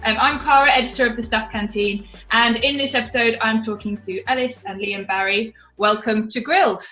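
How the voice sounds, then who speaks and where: A woman hosting a casual podcast interview over a video call, chatty and quick to laugh. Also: fairly high pitch, fairly even intonation, bright, forceful tone, faint music behind. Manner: chatty and giggly, with frequent laughs. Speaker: podcast host and magazine editor. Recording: roomy video-call audio.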